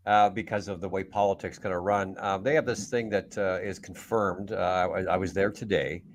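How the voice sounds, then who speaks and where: A man's voice: low-pitched, steady tone, normal speed, slight background noise. A male radio co-host chatting casually, asking questions. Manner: short reactions, casual backchannel. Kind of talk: casual chat.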